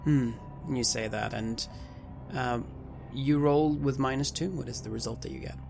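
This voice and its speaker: Gravelly man narrating a game. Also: mid-range voice, darkish tone, soft background music. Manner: measured, describing scenes to players. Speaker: game master. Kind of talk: narrating a tabletop horror game.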